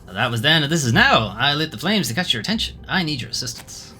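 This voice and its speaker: A man's voice: fairly high pitch, sing-song, fast, pushed and bright, voice pushed up, exaggerated voice. A man voicing a solemn, mysterious lamplighter ghost, reading game dialogue aloud in grand, old-fashioned phrasing.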